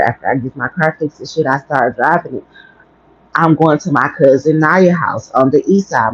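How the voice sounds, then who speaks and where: A woman's voice: low voice, darkish tone, no echo. A woman tells a story on her livestream in a blunt, profane way. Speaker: livestream host. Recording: dry, dull lo-fi stream audio.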